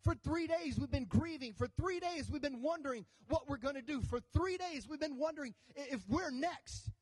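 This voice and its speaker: A man's voice: extremely high pitch, moderate pace, darkish tone, no room sound, voice pushed up. A man voicing a grieving, hopeless male disciple in a sermon retelling, pleading in despair.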